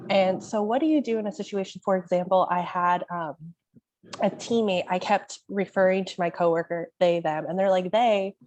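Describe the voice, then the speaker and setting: A woman participant asks a question over a video call, feeling her way through it with plenty of ums and restarts. Her voice is on the lower side, and the audio is muffled and lo-fi. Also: steady tone, moderate pace, a little mellow, dry recording. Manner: hesitant, with many fillers and restarts. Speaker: workshop participant.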